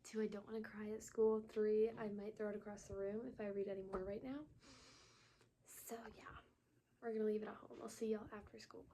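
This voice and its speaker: A teenage girl vlogging from home about a book she is reading, talking in an emotional, dramatic way that drops to a hush at times. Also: mid-range voice, little pitch movement, fairly quick, slight background noise, rough recording. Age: teens. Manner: emotional, dramatic reactions, sometimes hushed. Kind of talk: casual reading vlog.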